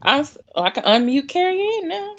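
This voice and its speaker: A chatty woman co-host runs the livestream and speaks with hesitant fillers. Her voice sits fairly high. The audio is dull and lo-fi. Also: big pitch swings, brisk, fairly bright tone. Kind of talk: casual livestream chat.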